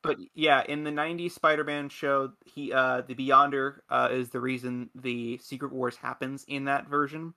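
A man's voice: mid-range voice, level tone, normal speed, gravelly, few pauses, sharp tone. A man in casual podcast chat, rambling and enthusiastic, with many restarts. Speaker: podcast host.

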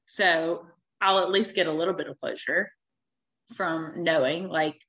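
A woman in her thirties tells a personal story with candid, animated energy, acting out what people said and swearing freely. Her voice is bright and forward. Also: low-pitched, unhurried, low-quality recording. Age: 30s.

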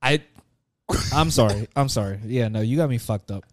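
A young man co-hosts a podcast, chatting casually, rambling and joking while often repeating himself. He speaks at a normal speed in a mid-range voice, recorded dry with clean studio sound.

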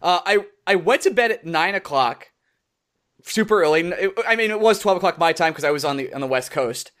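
Young male podcast co-host, high-pitched and swooping, animated casual storyteller. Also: fairly quick. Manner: animated storytelling with quoted voices. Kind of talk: casual chat.

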